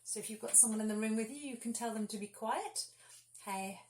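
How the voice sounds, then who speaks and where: Lady teacher, higher voice, cheery step-by-step warm-ups for kids. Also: brisk. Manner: encouraging, clear instructions to children. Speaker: singing teacher. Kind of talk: children's singing warm-up lesson.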